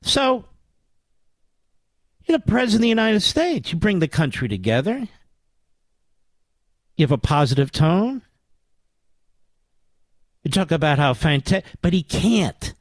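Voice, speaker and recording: A man's voice: high-pitched, dry recording. An older man from the Philadelphia area hosting a political talk radio show, delivering an indignant, sarcastic monologue.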